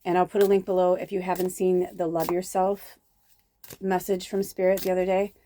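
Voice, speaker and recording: Fairly quick and level, her lowish, mellow voice carries over slight background noise. She is a tarot reader and medium from the south suburbs of Chicago, chatting through a spiritual card reading that keeps wandering and dropping into whispers.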